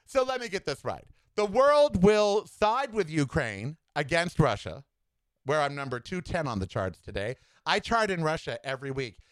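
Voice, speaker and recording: Man, podcast host, sassy and animated, lively swooping pitch, smooth clear voice, dry close sound. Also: moderate pace, no echo. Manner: animated, sassy, campy asides. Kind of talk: solo political commentary podcast.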